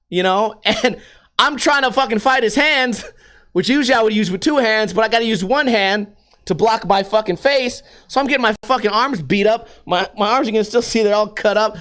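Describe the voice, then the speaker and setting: A middle-aged man with a fairly high voice tells a long story in a casual vlog. He rambles and swears freely, with an animated, storytelling delivery. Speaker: vlogger.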